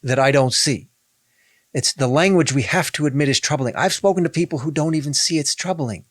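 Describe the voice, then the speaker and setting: A man's voice: fairly high pitch, a little fast, no room sound, clean studio sound. A man, a rabbi, in a podcast discussion, speaking emphatically, repeating key phrases and reading scripture aloud.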